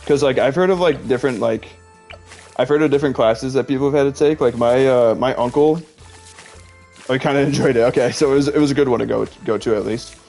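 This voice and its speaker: A man's voice: mid-range voice, fast, creaky, a little mellow. A young man in his twenties chatting casually while gaming, rambling with constant "like"s and frequent laughs. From Illinois, USA. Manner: rambling, heavy use of "like", laughs often. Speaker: gaming streamer. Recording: faint game music behind.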